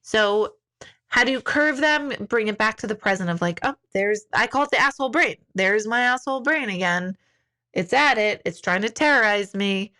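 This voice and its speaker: A woman in her forties hosting a casual live stream, reading viewer comments aloud and speaking candidly, acting out quotes with big jumps in pitch. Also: animated, normal speed, bright, forceful tone.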